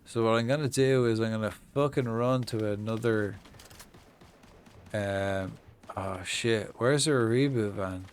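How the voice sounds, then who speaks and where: A man's voice: fairly low pitch, measured pace, slight background noise. An Irish man chatting casually on a live gaming stream, swearing often and telling stories with mock-acted reactions. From Ireland. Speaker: game streamer.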